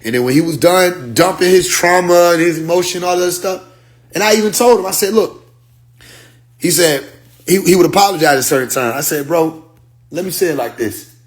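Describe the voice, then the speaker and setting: A man's voice: high voice, a little fast. A man telling a story on a phone livestream in a casual, emphatic rant, sometimes muttering to himself. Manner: emphatic, drops to muttering while searching his phone. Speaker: livestream host.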